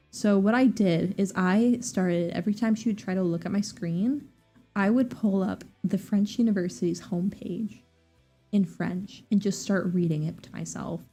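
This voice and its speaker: A young woman chats casually on her stream, rambling from one thing to the next and tossing in sarcastic asides. Her pitch sits in an ordinary middle range for a woman. Soft music plays faintly behind her. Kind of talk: casual chat.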